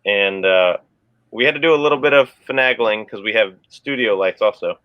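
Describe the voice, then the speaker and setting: A man's voice: on the low side, a little fast, clean tone, dry recording. A man co-hosting a casual live chat, telling a story in a rambling way with plenty of fillers. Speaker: co-host. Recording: dull, dry lo-fi sound.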